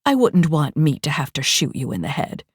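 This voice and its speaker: A man's voice: fairly high pitch, huge pitch swings, normal speed, husky, dry recording, clean studio sound, full character voice. A woman voicing a smug, cruel dictator. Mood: smug menace. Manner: smug, taunting, cooing. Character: cruel scheming male dictator, menacing.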